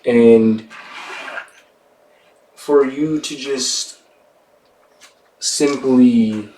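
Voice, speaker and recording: A man's voice: mid-range voice, slight background noise. A man voicing a heartbroken betrayed warrior woman. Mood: hurt, reproachful. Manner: quiet, slow, heartbroken reproach. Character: betrayed grieving female warrior, wounded and cold. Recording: roomy sound from a distant mic.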